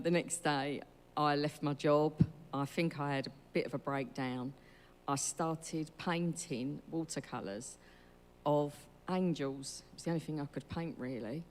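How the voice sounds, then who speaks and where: A woman gives a chatty, storytelling church testimony, performing the dialogue as she goes. Her voice is low and a little mellow, with some slight hiss or hum, heard through long hall reverb.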